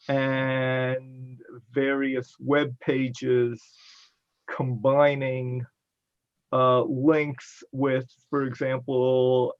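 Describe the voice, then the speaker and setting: A man with an upstate New York accent, speaking as a guest on an online panel in a measured, hesitant way, full of fillers. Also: medium pitch, creaky. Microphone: video call. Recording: dull lo-fi call audio.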